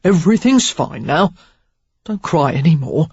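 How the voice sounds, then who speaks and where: A woman reading a romance novel and voicing a gruff, rakish gentleman who clumsily soothes someone in short, clipped phrases. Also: low voice, very animated, measured pace, no room sound, heavily acted. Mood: gruff soothing. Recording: dull, dry audiobook recording.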